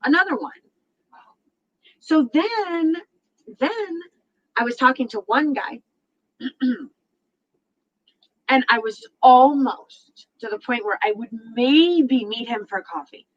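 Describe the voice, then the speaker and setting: A talk show host with a high-pitched voice tells stories casually, speaking slowly and pausing often. She's animated, acts out what others said and laughs a lot, though the recording's highs are cut off.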